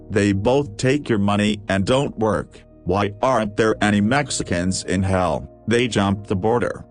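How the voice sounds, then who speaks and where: A man reading a list of jokes aloud, with a steady question-and-punchline delivery. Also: on the low side. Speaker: joke reader.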